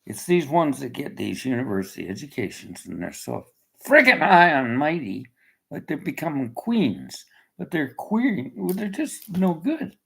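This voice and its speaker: An older man rants angrily, swearing and talking bluntly. His voice is rough and husky, with a gravelly edge. His pitch leaps and drops with agitation. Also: sing-song, a little slow, rough recording. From Canada. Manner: agitated, ranting, blunt and profane. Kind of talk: angry personal rant.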